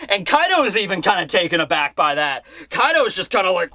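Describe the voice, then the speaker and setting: A man giving a casual, excitable, rambling comic recap with mild swearing. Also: high voice, fairly quick, hardly any pauses, no echo. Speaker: manga reviewer.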